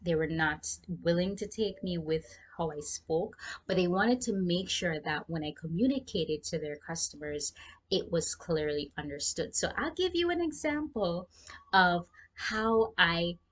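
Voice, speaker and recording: A young woman with a Jamaican accent shares work tips in a relaxed vlog. Her voice sits a little low. She sounds chatty and speaks straight to the viewer. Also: unhurried. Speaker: freelancing vlogger. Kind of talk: casual advice vlog.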